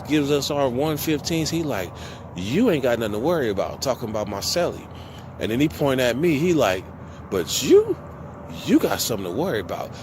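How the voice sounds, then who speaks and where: Guy vlogging outside, rough storytelling, lots of cussing and slang, acts out the quotes, loud street noise and cars going by. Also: mid-range voice. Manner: profane, slangy, animated retelling with quoted dialogue. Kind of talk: casual storytelling.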